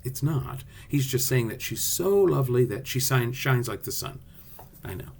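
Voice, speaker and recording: A man's voice: medium pitch, animated, moderate pace, gravelly, darkish tone. A male theatre teacher giving a friendly class video lesson, explaining directly to his students.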